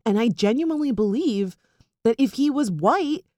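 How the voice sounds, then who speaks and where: A woman's voice: on the high side, expressive, normal speed, a little mellow, dry recording, clean studio sound. A woman chatting casually and animatedly about politics, sarcastic and full of fillers.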